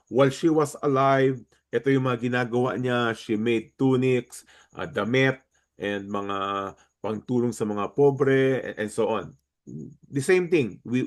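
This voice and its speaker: A man with a Filipino accent teaching a Bible passage in a relaxed, conversational way, mixing in Tagalog phrases and correcting himself as he goes. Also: medium pitch. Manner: switches between English and Tagalog, with fillers and self-corrections.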